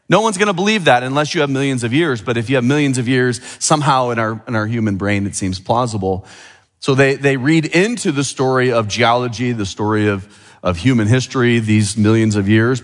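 Preaching man in an echoing church. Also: mid-range voice. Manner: asks the congregation rhetorical questions; lively preaching, swings from quiet to emphatic. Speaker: pastor. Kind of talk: sermon. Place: church sanctuary. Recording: long hall reverb.

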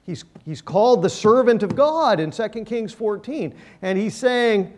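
A man with a high-pitched voice delivers a sermon from the pulpit. He preaches emphatically, his voice building to loud passages and then falling away to near quiet. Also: animated, measured pace, slight background noise. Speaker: pastor.

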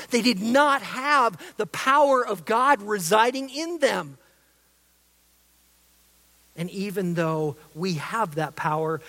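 Preacher in a reverberant hall. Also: medium pitch. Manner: emphatic, shifts between loud stresses and soft asides. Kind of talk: expository sermon. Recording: long reverb of a large hall.

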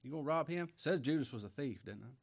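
A man's voice: on the high side, expressive, fast, gravelly. A man preaching a sermon in a folksy, conversational way, often asking the congregation rhetorical questions. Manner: swings between loud emphasis and quiet asides. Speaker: pastor.

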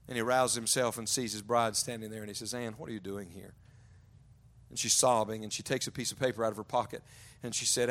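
A man preaching a sermon to young adults, telling stories and often dropping to a hushed, low voice for emphasis. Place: large church auditorium.

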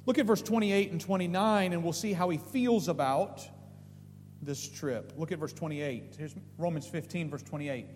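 A man with a high voice preaches a sermon, pressing his points with emphatic questions that climb in pitch. His voice rings in a reverberant church hall. A faint hum sits underneath. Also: moderate pace, darkish tone. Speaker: pastor.

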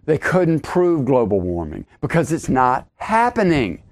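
Man, middle-aged, preacher, podcast sermon, emphatic, repetitive, slightly high voice. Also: sing-song, moderate pace, hardly any pauses, a little mellow. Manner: emphatic, repeats key lines, rising pitch on exclamations.

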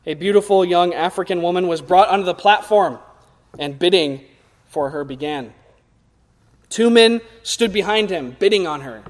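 A young man preaching a sermon earnestly, climbing to loud emphatic peaks and sinking low again. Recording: long hall reverb.

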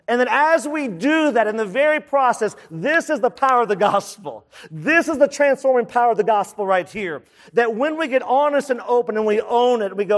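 High-voiced preaching man in a reverberant hall. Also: expressive, moderate pace. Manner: emphatic preaching with rhetorical questions and repetition. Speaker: pastor. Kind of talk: sermon.

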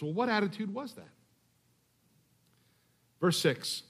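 Middle-aged man from Texas, slightly high voice, casual sermon delivery with deliberate scripture reading. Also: expressive, a bit bright. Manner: conversational, restarts phrases, slows to read scripture. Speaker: pastor.

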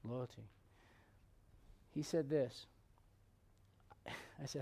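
A man preaching a sermon, telling stories and acting out the quotes, sometimes dropping to a hushed tone. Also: mid-range voice, takes it slowly, gravelly, pauses often, husky. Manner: animated storytelling, acts out quotes, drops to hushed tones.

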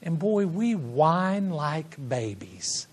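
A man delivering a sermon in a fairly high voice. He takes his time, drawing out words. Quiet, intimate asides give way to loud, ringing exclamations of praise. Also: very animated, extremely slow, slightly rough. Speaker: pastor.

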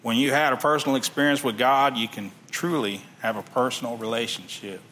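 A man's voice: medium pitch, steady tone, fairly quick, sharp tone, a little hiss or hum. A man preaching a sermon, reading scripture aloud and then explaining it in plain everyday talk.

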